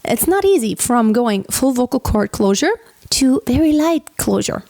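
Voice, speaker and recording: A woman's voice: a little high, big pitch swings, measured pace, warm tone, no echo. A woman teaching singing, explaining technique and breaking into sung examples with a light, flowing delivery. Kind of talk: vocal lesson with sung demonstrations.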